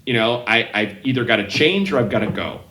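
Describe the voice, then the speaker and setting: A man's voice: medium pitch, lively intonation, brisk, bright, forceful tone, echoey room, rough recording. A man, a comedian guest, telling rambling anecdotes on a casual podcast and often acting out the people in them. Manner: rambling, self-interrupting anecdotes with quoted voices.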